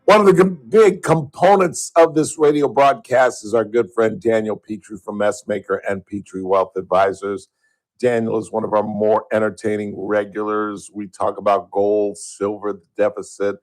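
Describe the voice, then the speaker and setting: A man's voice: fairly low pitch, flat delivery, moderate pace, darkish tone, low-quality recording. A man hosting a call-in talk radio show, ranting at a caller in a heated, sarcastic way.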